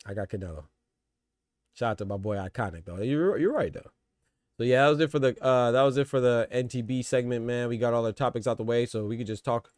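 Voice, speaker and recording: A man's voice: mid-range voice, quick pace, a little mellow, no echo, studio quality. A man hosting a casual boxing podcast, stuffed up and congested, rambling and repeating himself as he talks to his audience. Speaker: podcast host.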